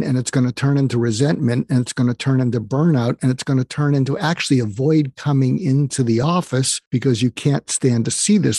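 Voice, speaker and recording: An older man, a psychiatrist appearing as an interview guest, tells stories and offers earnest advice, quoting the people in them. His voice is a little high and a little mellow, recorded at studio quality with no echo.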